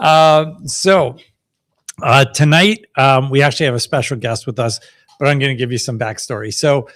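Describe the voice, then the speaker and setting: A man's voice: mid-range voice, normal speed, a bit bright. Chatty upbeat male doctor host. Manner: chatty and upbeat, laughs easily, many fillers. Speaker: fertility doctor hosting a live Q&A. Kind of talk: casual live-stream chat.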